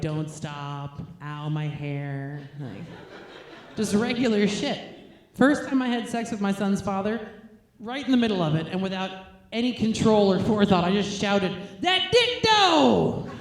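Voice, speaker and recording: A woman's voice: medium pitch, a little mellow. A woman doing a stand-up set while nursing her baby, blunt, crude and self-mocking, laughing between lines. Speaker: stand-up comic. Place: comedy stage, roomy venue. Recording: roomy live venue recording.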